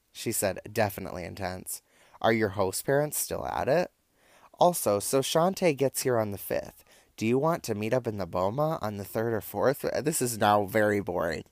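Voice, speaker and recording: A man's voice: lowish voice, animated, moderate pace, no room sound, clean studio sound. A young man casually recapping and reading out text messages, with wry, campy asides. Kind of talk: casual storytelling, reading out texts.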